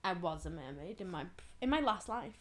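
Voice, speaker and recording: A woman's voice: fairly low pitch, animated, a little fast. Giggly young woman telling stories. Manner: giggly, storytelling, acts out quotes. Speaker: podcast co-host. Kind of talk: casual chat.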